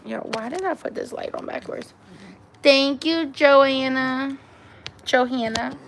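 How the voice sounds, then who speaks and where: High-voiced woman chatting on a phone live stream. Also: takes it slowly, gravelly, slight background noise. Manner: coos baby talk to her dog, chatty with viewers. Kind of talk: casual live-stream chat. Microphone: phone camera.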